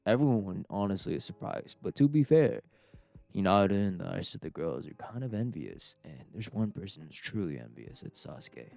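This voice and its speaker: Rambling gravelly guy telling a story. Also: low-pitched, expressive, moderate pace, warm tone, no room sound. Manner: rambling, laughing, crude slang. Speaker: YouTuber. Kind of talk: casual comedic storytelling.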